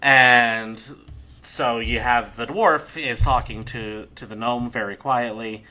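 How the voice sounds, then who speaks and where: A man narrating a tabletop game as game master in a relaxed, conversational way. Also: mid-range voice, takes it slowly, poor audio.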